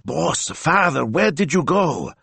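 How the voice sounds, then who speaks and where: A man's voice: fairly high pitch, very animated, takes it slowly, vocal fry, a bit bright, husky, no room sound, voice pushed up, heavily acted. Man doing storybook assistant: eager, blunt young guy, raised voice, bouncy delivery, dry read. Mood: excited.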